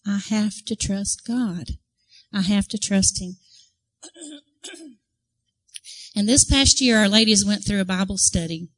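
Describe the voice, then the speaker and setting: A woman's voice: mid-range voice, low-quality recording. Woman speaker, church devotional, earnest storyteller, conversational, asks the audience questions. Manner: expressive storyteller, acts out crowd reactions. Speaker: women's ministry speaker.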